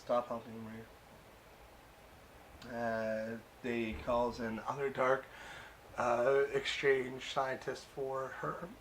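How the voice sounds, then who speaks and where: A man talks through a TV episode recap in an easygoing, amused way, filling gaps with uh and um. His voice sits in an ordinary middle pitch. A faint hiss runs under the recording. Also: completely flat delivery, takes it slowly, pauses often. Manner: chatty, amused, peppered with uh and um. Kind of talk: casual recap and review.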